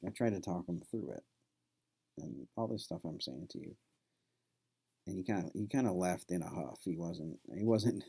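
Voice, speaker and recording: A college professor with a deep, dark voice, vocal fry, and a breathy edge tells his class a story in a casual lecture. He keeps it loose and conversational, with plenty of fillers.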